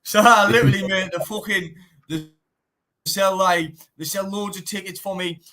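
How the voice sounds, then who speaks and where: Young lad, bare-knuckle fighter on a live stream, slightly high voice, swears a lot, says mate every other word. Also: male voice, unhurried. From Teesside, northeast England. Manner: animated, swears often, says "mate" constantly. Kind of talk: casual live-stream interview.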